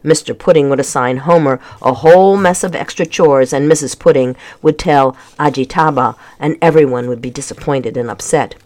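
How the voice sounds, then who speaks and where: A reader calmly narrating a children's storybook chapter aloud at a measured pace. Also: medium pitch. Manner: calm, measured reading.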